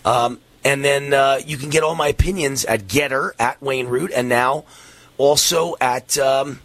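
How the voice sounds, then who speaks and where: A man's voice: medium pitch, unhurried, no room sound. A man hosting a talk radio show, out of breath and tired, rambling with lots of fillers. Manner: rambling, energetic, many fillers.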